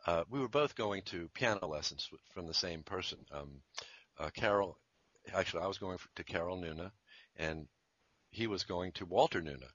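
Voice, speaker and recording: A very low-pitched man in his fifties tells stories in an easygoing interview, chuckling and doubling back on himself as he goes. His voice has a bright, forceful edge. The recording is dry and a little dull. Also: normal speed, no echo. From Virginia, USA. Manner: rambling, chuckling, self-interrupting. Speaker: jingle composer and musician. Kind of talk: conversational interview storytelling.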